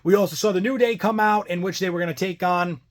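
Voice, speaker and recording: A man's voice: high voice, fast talker. A man hosting a casual wrestling review vlog, rambling and loose, trailing off and restarting his thoughts.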